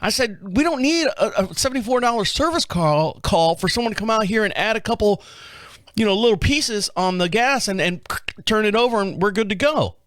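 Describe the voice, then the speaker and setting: This podcast host has a high, expressive, slightly bright voice and talks a little fast. In a casual storytelling monologue on his own show, he rambles chattily and acts out both sides of a phone call in his asides. The studio-quality audio has no room sound.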